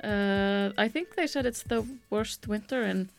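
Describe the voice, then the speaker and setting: A woman's voice: mid-range voice, unhurried, vocal fry, faint music behind. Hesitant woman guest on radio. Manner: thoughtful, hesitant with fillers. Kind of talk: conversational radio interview.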